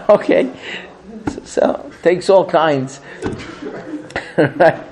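A man teaching a religious class, telling stories in an animated way and often laughing. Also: high voice, very slow, long pauses, a crowd in the background. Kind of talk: storytelling religious lesson.

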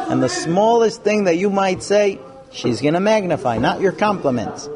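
A man's voice: a little high, moderate pace, a crowd in the background. A man teaching a live class on marriage, talking frankly and acting out couples' lines in put-on voices. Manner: animated, acts out quoted couples. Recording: live room with audience noise.

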